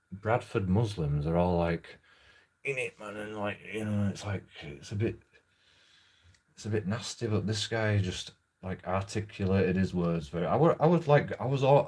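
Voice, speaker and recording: Husky low-voiced man rambling. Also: darkish tone. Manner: rambling, halting, sweary. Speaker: vlogger. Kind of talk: casual storytelling monologue.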